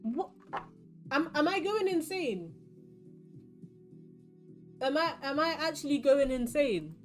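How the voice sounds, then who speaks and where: With a high-pitched voice and a slow delivery, a young London woman chats while playing cards on stream, faint music behind her. She rambles in her London accent and tells animated stories.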